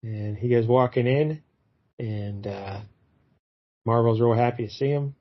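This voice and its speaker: A man recaps a comic book story for a podcast in a loose, meandering way, stopping often on "uh" between beats. His pitch sits in an ordinary middle range. The audio is slightly muffled. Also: unhurried. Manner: rambling, fills gaps with "uh", acts out quotes loosely. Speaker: podcast co-host. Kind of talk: casual chat retelling a comic book.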